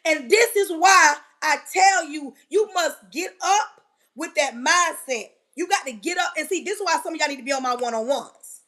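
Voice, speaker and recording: A woman giving a fervent, preachy motivational talk on a live stream, hammering repeated phrases and often yelling. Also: sits high, moderate pace.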